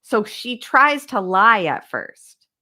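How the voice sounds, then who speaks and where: A woman's voice: a little high, sing-song, slow, bright, forceful tone. A woman hosting a casual livestream, chatting straight to viewers and reading documents aloud. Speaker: true crime channel host. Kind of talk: casual livestream case discussion.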